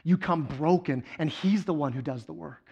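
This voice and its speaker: A man with a high-pitched voice preaches a sermon, moving between loud, excited storytelling and low, earnest moments. The recording sounds dull and lo-fi. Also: normal speed, gravelly, husky. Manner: animated storytelling, swings from loud excitement to quiet intensity. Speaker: guest preacher.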